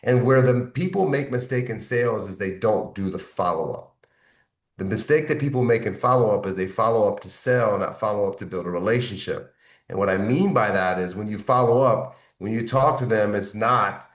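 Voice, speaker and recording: A man's voice: mid-range voice, normal speed, roomy sound, distant mic. A man coaching his team on sales follow-up, motivational and repetitive, often checking in with "right?". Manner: motivational, repeats points, asks "right?". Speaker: network marketing team leader.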